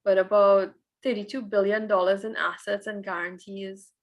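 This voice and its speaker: A woman's voice: medium pitch, flat delivery, moderate pace, highs cut off. A woman co-hosting a podcast who reports news items in casual chat and laughs easily. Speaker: podcast co-host.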